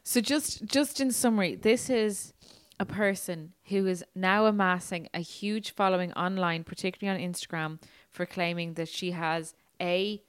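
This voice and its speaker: Smooth-voiced woman podcast co-host. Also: fairly low pitch, dry recording. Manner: reacts and sums up, self-deprecating. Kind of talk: casual podcast chat.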